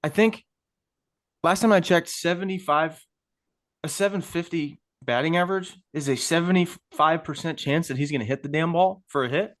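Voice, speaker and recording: A man's voice: on the high side, moderate pace, fairly bright tone. A man co-hosting a casual podcast as a youth baseball coach, talking up his players with enthusiasm.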